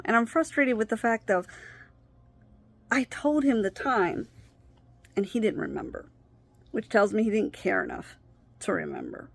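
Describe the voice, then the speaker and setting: A woman vlogger talking candidly to camera about her own experience, halting and often losing her train of thought. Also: medium pitch, expressive, gravelly, no echo. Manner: frequent pauses and restarts. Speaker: vlogger sharing personal experience. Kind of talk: candid personal talk to camera.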